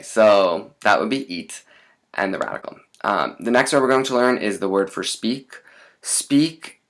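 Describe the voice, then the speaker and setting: A man teaching a lesson in a relaxed, chatty way, with many fillers and asides. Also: lowish voice.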